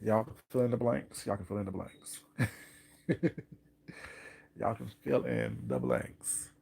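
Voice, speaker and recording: A man's voice: fairly low pitch, sing-song, slow, gravelly, darkish tone, husky. A man hosting a casual livestream, chatting to viewers while he eats and often laughing. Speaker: livestream host. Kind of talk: casual live chat while eating.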